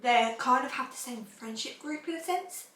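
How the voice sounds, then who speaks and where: A woman's voice: high voice, lively intonation, normal speed, fairly bright tone. A woman, hosting a casual podcast and rambling in a chatty way. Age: 20s. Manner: chatty, rambling, laughs often. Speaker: podcast host. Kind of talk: casual chat. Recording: roomy room, mic at a distance.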